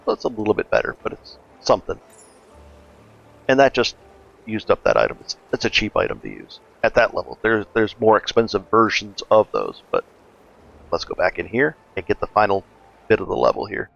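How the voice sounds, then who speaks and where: A man casually narrating a gameplay walkthrough as a gaming guide host, relaxed and chatty, thinking aloud with fillers. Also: lowish voice, fairly quick, gravelly, lo-fi sound.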